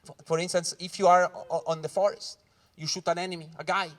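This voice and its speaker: A man with a Swiss Italian accent doing stand-up comedy, who swears and acts out voices with loud punchlines. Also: sits high, little pitch movement, a little fast. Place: corporate event room with live audience. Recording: live crowd audible. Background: audience laughing.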